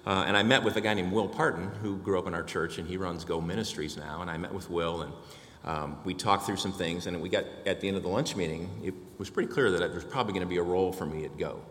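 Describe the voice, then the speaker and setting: A man's voice: low voice, fast, a bit bright, echoey room, long reverb tail. An older man giving a personal testimony to a church congregation, telling his story and acting out the dialogue.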